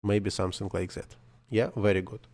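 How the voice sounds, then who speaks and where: Male non-native English speaker, lowish voice, hesitant self-correcting software tutorial narration. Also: steady tone, normal speed, creaky. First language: not English. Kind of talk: screen-recorded software tutorial.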